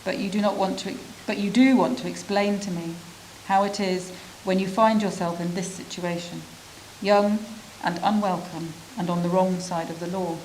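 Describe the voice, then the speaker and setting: A woman's voice: on the low side, steady tone, darkish tone, slight background noise, poor audio. Woman reading a reflective prose story. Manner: measured, reflective, with pauses. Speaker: reader of a refugee's story. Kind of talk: reading a literary prose piece aloud.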